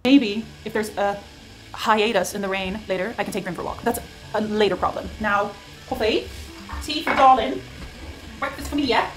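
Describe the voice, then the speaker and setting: Soft-spoken woman vlogging. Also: medium pitch, a little fast, faint music behind, low-quality recording. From Norway. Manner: soft, cooing, talks sweetly to partner and pets. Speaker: lifestyle vlogger. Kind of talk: vlog narration.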